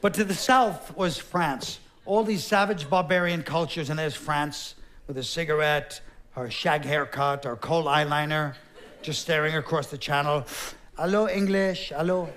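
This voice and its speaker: A middle-aged comedian, speaking in a fairly high voice for a man, working a live theater crowd with sardonic, deadpan delivery. Faint hum of the room behind him. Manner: sardonic, deadpan, quick asides, drops into put-on voices. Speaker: stand-up comedian. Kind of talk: stand-up comedy. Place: Broadway theater stage, live audience. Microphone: stage microphone.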